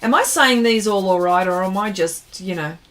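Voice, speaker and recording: A woman's voice: medium pitch, normal speed, a bit bright. A woman hosting an art livestream, chatting casually while she paints and reading viewers' comments aloud, often trailing off mid-sentence.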